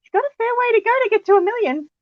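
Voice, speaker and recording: Chatty, giggly high-voiced woman. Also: lively intonation, very fast, no room sound, highs cut off. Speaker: channel host. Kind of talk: casual online chat.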